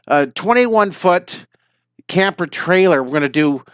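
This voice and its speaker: A man's voice: high-pitched, expressive, measured pace, smooth, dry recording, studio quality. A man in his fifties, a drawing teacher on a live stream, chatting and rambling to his viewers, tired and a little wheezy. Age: 50s. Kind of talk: casual live-stream chat.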